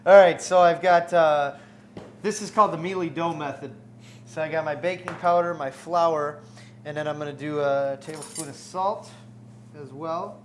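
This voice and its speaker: A man with a slightly higher voice hosts a cooking demonstration from a studio kitchen. He explains each step in an upbeat, joking way, with a faint murmur of background noise. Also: fairly even intonation, normal speed. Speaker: cooking show host.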